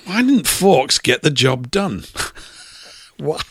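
A man's voice: a little high, sing-song, takes it slowly, husky, dry recording. A man hosting a casual podcast chat, talking in a chatty way, laughing often and reading out viewer comments. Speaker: host.

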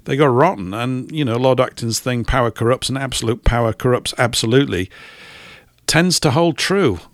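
A man hosting a casual talk show from a studio, telling stories in an animated, wry and emphatic way. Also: mid-range voice, moderate pace, dry recording. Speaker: radio host. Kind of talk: casual chat.

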